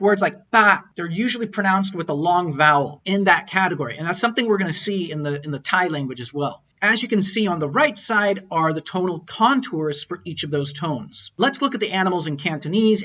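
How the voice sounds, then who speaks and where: A man's voice: sits high, brisk, hardly any pauses, a bit bright. Man lecturing on tones, lo-fi sound. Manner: patient, explanatory, sounds out tones as examples. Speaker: language teacher. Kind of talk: online lecture over slides. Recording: dull lo-fi audio.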